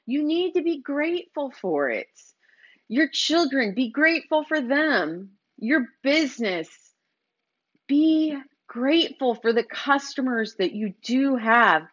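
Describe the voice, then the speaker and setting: Woman, podcast host, motivational, preachy, repetitive, fairly high voice, lo-fi audio. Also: big pitch swings, takes it slowly, fairly bright tone. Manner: preachy, urging, repeats phrases. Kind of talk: motivational business podcast talk. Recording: slightly dull lo-fi recording.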